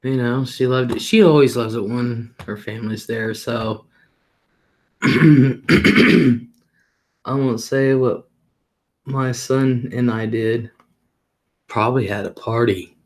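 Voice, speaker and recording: A man's voice: mid-range voice, takes it slowly, pauses often. A middle-aged man hosting a livestream, talking casually and rambling about his day, often laughing and swearing offhandedly. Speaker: livestream host.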